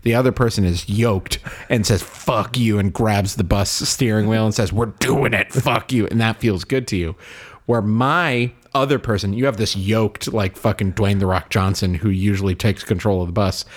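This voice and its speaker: Man, low voice, goofy, laughs a lot, casual chat, acts out inner voices. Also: moderate pace. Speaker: podcast co-host.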